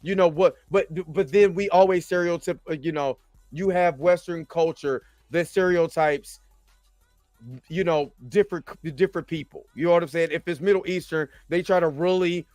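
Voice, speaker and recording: A man's voice: on the high side, fairly even intonation, normal speed, darkish tone, dry recording, soft background music. A man hosting a casual chat, rambling and often asking "you know what I'm saying". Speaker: host.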